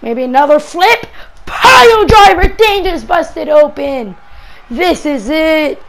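A high-pitched woman calls a wrestling match in a game move by move. She is excitable and breaks into shouts whenever a big move lands. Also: slow pace, noisy background. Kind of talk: play-by-play commentary.

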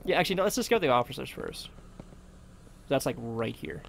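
A man's voice: mid-range voice, big pitch swings, brisk, creaky, noisy background. A young man nervously talking through a horror game as he plays, rambling and muttering to himself. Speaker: let's play host. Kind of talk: casual gameplay commentary.

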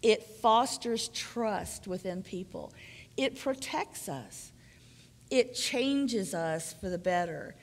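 A woman preaching a sermon in an earnest, emphatic, measured teaching manner. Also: mid-range voice, animated. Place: church sanctuary. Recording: church sanctuary with long reverb.

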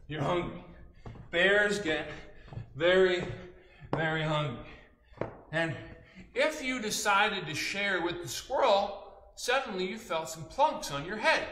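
Male children's storyteller, playful, bright, lively pitch. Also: a little slow, pauses often, a little hiss or hum. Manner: animated, sound effects and sung noises. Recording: roomy echo.

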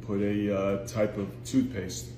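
A middle-aged man, a dad, bantering bluntly with quick comebacks in casual family chat. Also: lowish voice, little pitch movement, warm tone, soft background music. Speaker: prank target dad.

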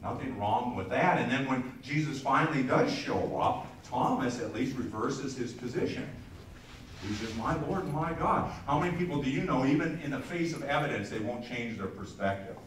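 A man's voice: medium pitch, expressive, normal speed, slight background noise. A male pastor giving a conversational sermon to his congregation, often repeating words and restarting phrases and turning to listeners with asides. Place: church sanctuary. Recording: echoey church from a distance.

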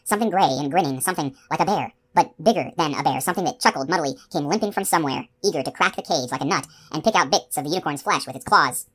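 A woman narrating a novel as an audiobook, with steady, expressive storytelling. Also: sits low, fast talker, hardly any pauses, slightly rough.

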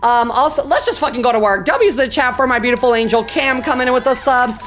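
A woman streamer casually narrating a game, talking to her chat with profane, excitable outbursts. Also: sits high, fast, faint music behind. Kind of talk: casual let's-play chatter.

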